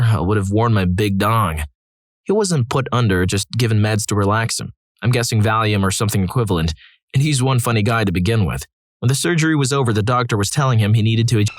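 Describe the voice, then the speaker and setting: A man's voice: on the low side, dry recording. A man narrating read-aloud stories in a scripted style, adding wry, dry asides between them. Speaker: story narrator.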